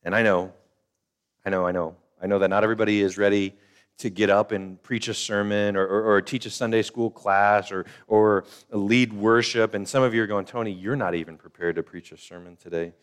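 A man's voice: fairly low pitch, steady tone, a little fast, clean tone. An older man preaching a sermon as pastor, conversational, repeating phrases and acting out the voices of the people in his story.

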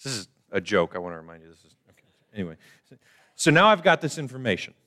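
A man's voice: medium pitch, big pitch swings, quick pace, sharp tone. A man preaching a conversational sermon to his church, explaining plainly and poking fun at his own jokes. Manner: casual, self-deprecating joking preacher. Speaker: pastor. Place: church service.

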